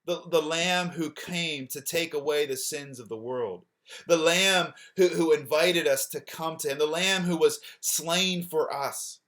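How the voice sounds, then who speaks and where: Preaching a little slowly, a male pastor gives an earnest sermon, frequently repeating words and letting his voice fall soft and low on important phrases.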